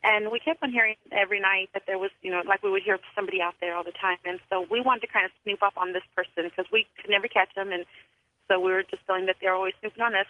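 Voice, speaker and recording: A woman calling in to a radio show, telling a strange story in a rambling way with many fillers. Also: medium pitch. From California. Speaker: caller. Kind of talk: phone-in storytelling. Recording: tinny phone line.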